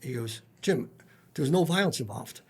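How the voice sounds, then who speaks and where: Husky man telling blunt, profane stories. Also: medium pitch, animated, normal speed, a little mellow. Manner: blunt, profane storytelling full of quoted dialogue. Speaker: podcast guest, former DEA special agent. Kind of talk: storytelling in a casual interview.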